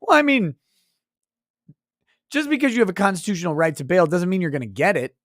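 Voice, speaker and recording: A man's voice: sits high, expressive, brisk, no echo, clean studio sound. Profane man hosting a live stream. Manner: profane, mock-ranting at chatters. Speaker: livestream host. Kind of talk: casual live-stream commentary reading chat.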